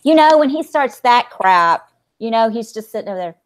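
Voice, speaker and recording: A woman's voice: a little high, lively intonation, normal speed. A woman co-hosting a reality show recap, chatting casually, agreeing and reading comments. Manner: agreeable, reads chat comments aloud. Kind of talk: casual chat.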